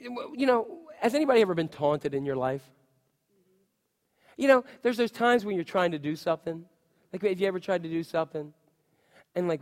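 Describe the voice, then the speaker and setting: A high-voiced pastor delivers a lively, joking sermon and draws his listeners into the story. His voice rings through a large church sanctuary with a long reverb tail. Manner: humorous, animated storytelling.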